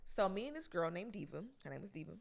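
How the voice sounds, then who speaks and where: A young woman tells a school story in a casual podcast chat. Her voice moves lively up and down, and her talk is blunt and full of swearing. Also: on the low side, vocal fry. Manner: blunt and profane, quick reactions. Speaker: podcast co-host.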